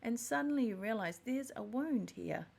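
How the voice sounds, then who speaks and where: Earnest woman podcaster with gravelly fry. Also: fairly high pitch, lively intonation, moderate pace, darkish tone, slight background noise. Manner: earnest and heartfelt, with self-repairs. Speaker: podcast host. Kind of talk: reflective personal monologue.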